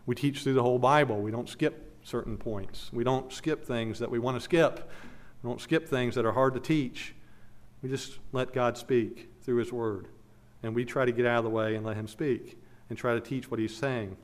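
A man's voice: medium pitch, steady tone, moderate pace. A man preaching an expository sermon as pastor, earnest and emphatic, repeating key phrases, then leading a prayer.

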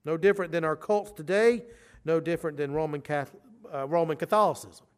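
A man preaching a sermon, moving from quiet explanation to urgent, emphatic declarations. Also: fairly high pitch, fast, smooth. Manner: emphatic, swings from quiet asides to urgent loud stresses.

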